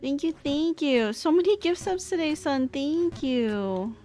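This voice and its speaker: A woman's voice: high-pitched, expressive, measured pace, warm tone. A woman streamer chatting casually with viewers while playing a game, thanking them as she goes. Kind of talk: casual live-stream chat while gaming.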